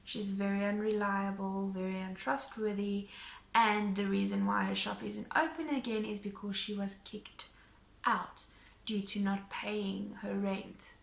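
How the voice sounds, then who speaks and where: A woman vlogger telling a story in a casual, animated way, acting out what people said. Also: medium pitch, a little slow, creaky, roomy sound, a little hiss or hum. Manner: animated retelling, acting out quotes.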